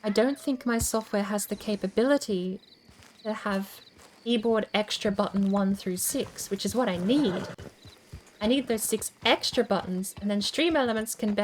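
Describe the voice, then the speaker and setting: A woman's voice: fairly high pitch, normal speed, a little hiss or hum. A woman streamer chatting casually as she plays, thinking aloud and over-enunciating every word. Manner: chatty, thinks aloud while fiddling with settings. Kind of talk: casual game-stream chat.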